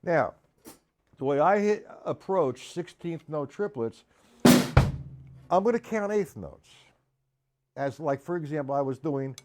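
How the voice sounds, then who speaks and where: A man's voice: a little high, expressive, slow, long pauses. Drum teacher, male, live stream, patient explainer who counts the beats aloud, faint music behind. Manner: counts loudly over his own drumming. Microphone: live stream setup. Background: drums playing.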